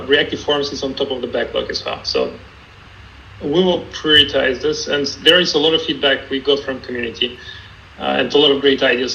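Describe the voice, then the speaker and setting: A man calmly answering technical questions as a guest in an online Q&A, explaining step by step. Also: medium pitch, gravelly, highs cut off, slight background noise. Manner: calm, explanatory, some restarts. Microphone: video call.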